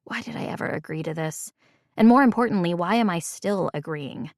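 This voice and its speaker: A woman narrating a first-person audiobook in a wry, measured way. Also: on the low side, a little mellow, no room sound, clean studio sound.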